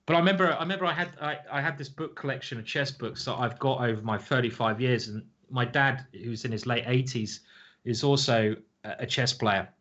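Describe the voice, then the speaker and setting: A man in his forties hosts a chess stream and rambles to his viewers in a loose, joking way, laughing at his own anecdotes. His voice sits at an ordinary middle pitch. The stream audio is a little muffled and dull. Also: fairly quick, fairly bright tone. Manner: rambling and jokey, chuckling at his own stories. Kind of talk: casual live-stream chat. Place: home streaming setup.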